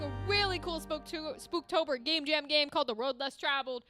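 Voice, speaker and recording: A young woman from the Boston area streaming a game, commenting excitably and sarcastically with plenty of swearing. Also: sits high, a little fast, few pauses, faint music behind. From New England, Boston area. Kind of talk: casual live-stream commentary.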